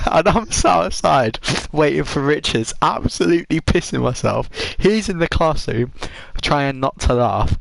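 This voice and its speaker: Slow-talking young man telling a story. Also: a little high, expressive, creaky, a bit bright, poor audio. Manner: swearing, laughing storyteller. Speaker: podcast co-host. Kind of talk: casual chat, telling a school story.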